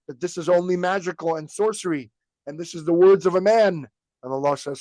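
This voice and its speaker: A man's voice: fairly high pitch, moderate pace, no echo. A man hosting a podcast, teaching religious history in a casual storytelling way, acting out quotes and laughing at times. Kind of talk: informal religious lesson.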